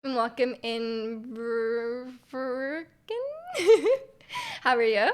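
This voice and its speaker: Streamer woman, casual chat, light and slightly high, rambling with fillers and soft giggles, throat not quite right. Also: level tone, slow pace, smooth. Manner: chatty, many fillers, giggles often. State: throat feels off.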